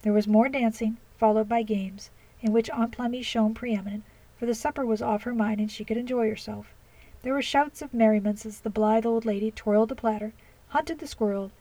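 Mellow-voiced woman narrating a classic novel. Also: on the high side, poor audio. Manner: measured, expressive storytelling. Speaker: audiobook narrator. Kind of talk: audiobook narration of classic fiction.

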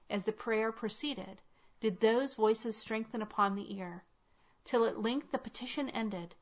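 Lady reading an old spooky story, mid-pitched, slow and even, muffled sound. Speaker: audiobook reader. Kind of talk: scripted narration of a classic tale. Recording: dull lo-fi recording.

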